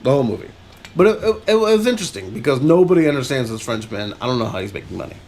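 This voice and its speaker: Animated gravelly man on a podcast. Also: medium pitch, very fast. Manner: rambling, animated, laughs often. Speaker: podcast co-host. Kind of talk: casual chat recapping a film.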